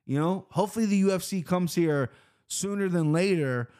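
A man's voice: high voice, normal speed, darkish tone, smooth. A man from Cincinnati telling a loose, profane, rambling story, recapping his weekend in casual talk. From Cincinnati, Ohio, US. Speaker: vlogger.

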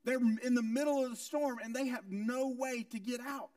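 A male pastor preaching a sermon with emphatic rhetorical questions and repeated phrases, moving between loud, high lines and quiet, low ones. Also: fairly even intonation, normal speed, dry recording, studio quality, recorded from a distance.

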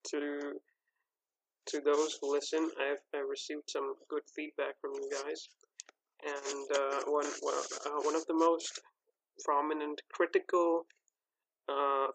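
Slow-talking man hosting a movie podcast. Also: fairly high pitch, flat delivery, gravelly, fairly bright tone, no echo, low-quality recording. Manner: rambling, hesitant, many fillers and restarts. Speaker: podcast host. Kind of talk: casual solo podcast talk.

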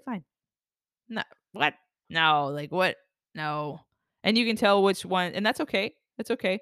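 A woman's voice: mid-range voice, a bit bright, no echo. Woman rambling thru a self-help podcast, acts out little voices, swears casually, dry close mic. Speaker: podcast host.

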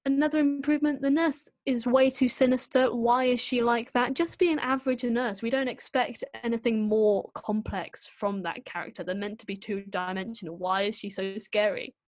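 A woman co-hosting a casual podcast, giving an opinionated, animated critique with quick asides. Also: fairly high pitch, no room sound. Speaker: podcast co-host reviewing an episode. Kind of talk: casual chat.

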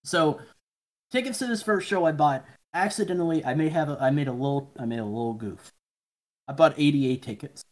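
A man's voice: fairly high pitch, fairly quick. A man, a podcast guest, telling rambling stories in casual chat, swearing often and mumbling the voices of people he quotes.

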